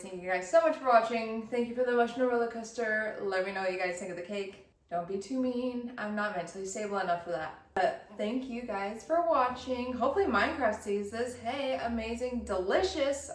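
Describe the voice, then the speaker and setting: Woman home baker, casual and self-deprecating, roomy echo, a bit far from the mic. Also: a little high. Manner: chatty, self-deprecating, jokey. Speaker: baking vlogger. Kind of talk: casual chat while baking. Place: cold kitchen. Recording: roomy, from a distance.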